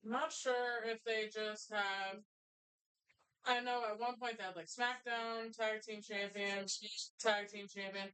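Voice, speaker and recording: Clear-voiced, chatty woman co-host. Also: mid-range voice, steady tone, unhurried, bright, forceful tone, rough recording. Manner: chatty, enthusiastic wrestling fan. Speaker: podcast co-host. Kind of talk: casual bar chat. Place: bar, live show.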